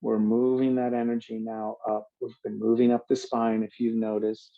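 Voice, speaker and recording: Calm man guiding a yoga class. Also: mid-range voice, narrow, tinny audio. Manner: calm, slow, drawn-out cues. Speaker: yoga instructor. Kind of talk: guided yoga instruction.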